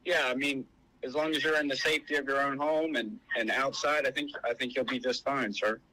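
A man's voice: medium pitch, fairly even intonation, fairly quick, bright, forceful tone, a little hiss or hum. A man working as an emergency dispatcher on a phone call, who sounds polite and hesitant and leans on lots of fillers. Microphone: telephone.

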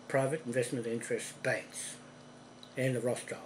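A man giving an angry, profane monologue to camera from a room at home, accusing people directly and growing louder when heated. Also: mid-range voice, unhurried, long pauses, slight background noise, rough recording. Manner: forceful, ramps up in volume when heated. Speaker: video ranter.

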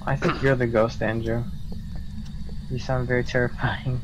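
A man's voice: medium pitch, flat delivery, moderate pace, background noise. A man playing a ghost-hunting game with friends, teasing and wry in casual chat. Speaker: fellow player.

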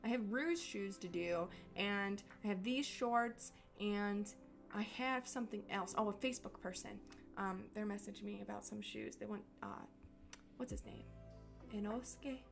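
A woman's voice: medium pitch, moderate pace, gravelly, soft background music. A young woman chatting casually with her livestream audience as an artist, bubbly and full of "like" fillers. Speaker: artist streaming to chat.

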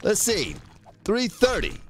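A man's voice: high-pitched, wildly swooping pitch, slow pace, a little hiss or hum. A man streaming a game, joking around and teasing his chat viewers by name as he plays. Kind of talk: casual gameplay livestream commentary.

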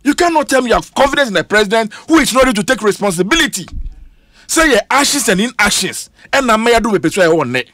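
A man's voice: very high voice, bright, forceful tone, no room sound, studio quality. A man with a Ghanaian accent speaking emphatically on a radio panel, switching between English and Twi. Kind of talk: heated radio panel discussion. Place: radio studio.

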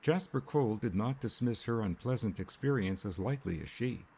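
A man narrating an audiobook in an even, unhurried storytelling manner. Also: mid-range voice, breathy edge. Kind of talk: scripted narration.

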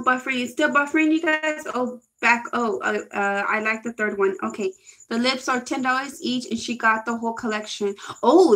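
Chatty young woman reading live comments. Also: on the high side. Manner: chatty, excitable, reads viewer comments aloud. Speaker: livestream host.

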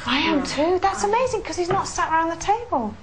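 A woman hosting a live ghost hunt, leading a séance in an excitable manner that often drops to a whisper. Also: very high voice, fairly quick, noisy background. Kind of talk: live paranormal investigation.

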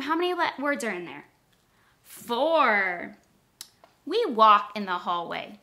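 A woman teacher walks young children through letters and sounds at a very slow, deliberate pace. Her voice is bright and carries a bit of tension, and she offers steady praise as she goes. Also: on the high side. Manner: slow, clearly paced, encouraging.

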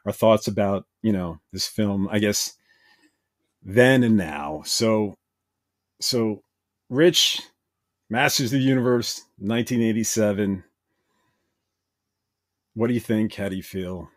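A man's voice: fairly low pitch, slow, long pauses. A man hosting a podcast, chatting casually and prompting his guest with friendly questions. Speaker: podcast host.

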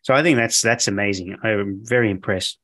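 A man's voice: fairly low pitch, a little fast, a bit bright. A man co-hosting a podcast, interviewing his co-host in an enthusiastic, chatty way. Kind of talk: casual podcast chat.

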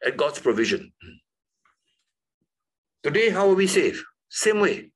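Male Bible teacher, husky voice, very lively pitch, emphatic classroom delivery. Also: slow pace, long pauses, poor audio. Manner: lively, emphatic, rising high on key words.

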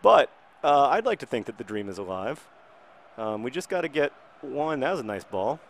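A man's voice: medium pitch, moderate pace. A man in his thirties giving rambling, wry commentary on a video game while worn out and recovering from illness. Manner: wry, rambling, bursts into excited shouting. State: recovering from illness, low energy. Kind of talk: casual gameplay commentary.

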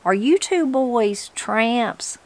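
A woman's voice: a little high, expressive, very slow, darkish tone, voice pushed up. A woman voicing a spry, hospitable old mountain granny in a storybook reading.

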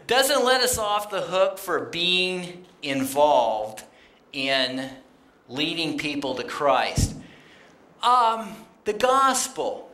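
An unhurried preacher with a swooping, expressive delivery, speaking plainly and reading out scripture between friendly asides to the congregation. The voice rings through a roomy church sanctuary. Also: mid-range voice. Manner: animated, plainspoken, quoting scripture and addressing the congregation. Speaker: guest speaker on missions. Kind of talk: conversational sermon.

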